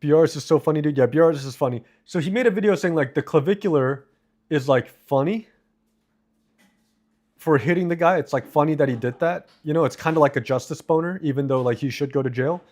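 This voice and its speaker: A man's voice: fairly high pitch, darkish tone. A man live streaming, reading and answering viewer comments in a casual, profane, rambling way. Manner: profane, rambling, quick asides.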